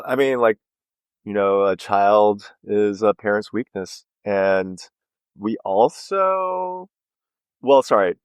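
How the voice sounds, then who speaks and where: A man's voice: fairly low pitch, no echo. A man co-hosting a podcast, recapping a story in loose casual chat full of "like" and "you know". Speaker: podcast co-host.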